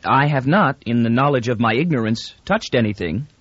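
A man's voice: mid-range voice, expressive, a little fast, breathy edge, no echo, dull audio. A male narrator voicing a nervous, overly formal male clown in an audiobook. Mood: anxious. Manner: nervous, deferential.

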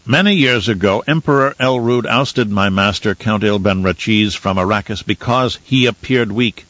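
A cool, unyielding envoy, voiced by a man in an audiobook. He speaks firmly and in measured tones with a low voice. The recording sounds dry and a little dull. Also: a bit bright, no echo, natural voice. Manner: firm and measured. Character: cool, calculating male envoy, firm and unyielding.

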